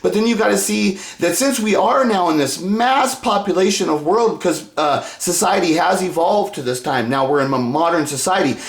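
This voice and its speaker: Man with a high voice, rambling monologue. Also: moderate pace, vocal fry, hardly any pauses. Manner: rambling, restarts sentences, swears heavily; works up into shouting rants. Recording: echoey room.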